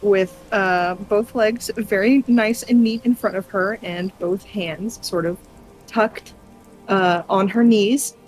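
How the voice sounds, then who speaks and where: A woman playing a tabletop game, describing her character in a measured, amused way. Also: mid-range voice, steady tone, a little mellow, faint music behind, rough recording. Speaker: player.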